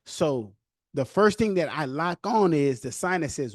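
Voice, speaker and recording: A young man hosting a podcast, telling his own story casually with loose street slang and animated retellings. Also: fairly high pitch, moderate pace, no room sound, clean studio sound.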